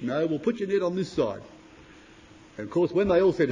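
High-voiced male preacher, emphatic declamation with quiet drops, reads King James scripture. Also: animated, fast talker, dull audio. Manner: emphatic, rising to loud declamation then dropping low; addresses listeners as brothers and sisters. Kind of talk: sermon.

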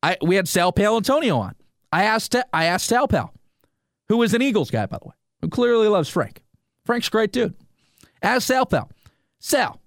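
A sports radio host with a high-pitched voice rants on his solo podcast, recorded cleanly in a studio with no echo. His delivery is animated and rhetorical, and he talks right to his audience.

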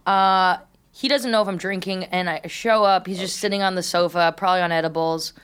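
A woman's voice: lowish voice, fairly even intonation, fairly quick, clear, resonant tone. A young woman in a studio, rambling through a casual story and acting out the lines of the people in it. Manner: rambling, acts out quoted lines. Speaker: podcast co-host.

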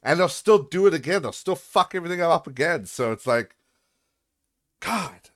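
A man's voice: fairly high pitch, lively intonation, moderate pace. Frustrated, swearing male podcast host. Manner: frustrated, profane ranting. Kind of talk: casual venting monologue.

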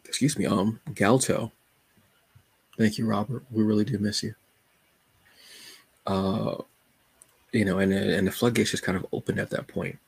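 A man's voice: fairly low pitch, steady tone, measured pace, creaky, pauses often, husky, no room sound. A man hosting a podcast alone, talking about his reading list in a casual, joking, colloquial way. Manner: laid-back, joking, colloquial. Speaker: podcast host. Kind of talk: casual solo chat.

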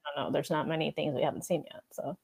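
A woman's voice: deep voice, fairly even intonation, racing, vocal fry, a little mellow, slightly rough. A young woman co-hosting a podcast in casual chat, laid-back and agreeing, often saying dude. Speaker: podcast co-host.

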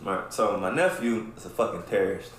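Brief: male podcast host, swears a lot, animated storyteller, very roomy echo, faint room noise. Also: lowish voice, a little fast. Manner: profane, animated, keeps asking "right?". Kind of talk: casual storytelling chat. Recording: very echoey room.

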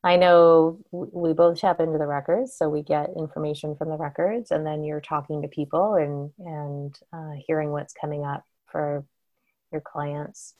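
Brief: woman host, slightly low voice, reflective, admiring. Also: level tone, normal speed, phone-quality sound. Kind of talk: casual interview chat.

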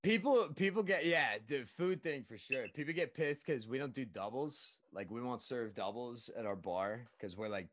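Animated young man telling a story. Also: normal speed, few pauses, noisy background. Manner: animated, jumps to high pitch when quoting. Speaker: restaurant server. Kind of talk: casual storytelling chat.

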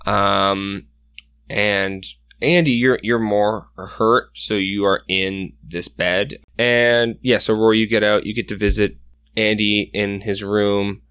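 A male game master narrates a tabletop game in a casual, filler-heavy way. His voice sits a little low. The sound is close and dry. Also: steady tone, slow pace, fairly bright tone, smooth, no room sound.

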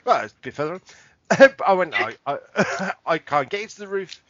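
A man's voice: a little high, lively intonation, normal speed, fairly bright tone, no echo, muffled recording. Male podcast co-host, rambling swearing storyteller, dry room. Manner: rambling anecdote, frequent laughter and swearing. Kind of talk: casual chat.

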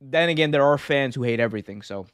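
A man's voice: mid-range voice, expressive, fast, fairly bright tone, clear, resonant tone, no echo, studio quality. A man hosting a casual wrestling podcast, talking loosely, rambling and laughing often. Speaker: podcast host.

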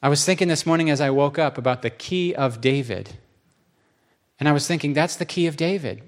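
A man's voice: fairly high pitch, brisk. A man preaching a sermon in a church, speaking conversationally and acting out quotes with rising emphasis.

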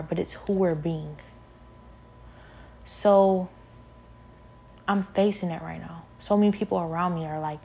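A weary woman preaching an impassioned sermon. She is emphatic and repetitive, and her talk builds to forceful peaks. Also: lowish voice, slight background noise.

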